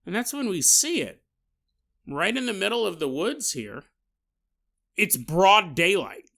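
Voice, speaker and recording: A man hosting a podcast, telling a story in a joking, animated way with laughing asides. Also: high-pitched, measured pace, creaky. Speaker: podcast host. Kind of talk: comedic storytelling.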